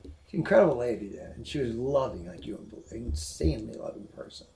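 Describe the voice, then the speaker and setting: A man, a guest on the show, telling an emotional personal story indoors, halting and repeating himself when upset. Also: medium pitch, animated, vocal fry, warm tone, slight background noise, low-quality recording. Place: indoors at a house museum.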